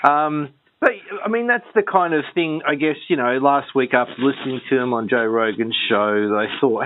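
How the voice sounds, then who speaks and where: A man's voice: medium pitch, moderate pace, few pauses. A man co-hosting a comedy podcast, rambling and hesitant in casual chat. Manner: rambling, hesitant, full of ums. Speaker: podcast co-host. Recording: tinny phone-like line with faint noise.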